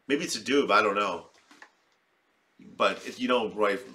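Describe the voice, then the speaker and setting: A man doing comic reaction commentary in a rambling, profane style. His voice sits low, and it has a bright, forceful edge to it. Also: fairly quick. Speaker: video commentator.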